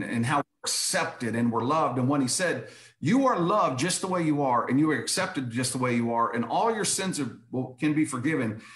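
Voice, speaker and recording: A man's voice: medium pitch, fairly bright tone, reverberant. A man telling his personal testimony as a guest, emphatic and repetitive, often saying "I said".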